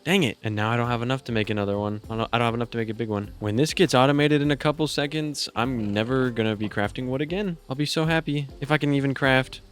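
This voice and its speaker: A young man giving casual gameplay commentary, thinking aloud in an excitable, self-mocking way. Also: medium pitch, fast, few pauses, smooth. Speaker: gaming YouTuber.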